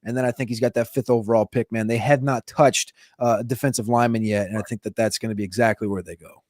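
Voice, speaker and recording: A man of middle pitch breaks down football moves on a podcast. He thinks out loud with hedging fillers, and his voice is recorded dry and close. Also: fairly even intonation, no echo. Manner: thinking aloud, with hedging fillers and drawn-out pauses. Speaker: fantasy football podcast co-host. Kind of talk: casual sports chat.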